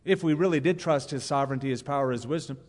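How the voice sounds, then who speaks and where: A man preaching a sermon as pastor, lively and humorous, reading out examples and scripture. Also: medium pitch, fast talker. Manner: animated, reads quotes with humor. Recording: long reverb of a church hall.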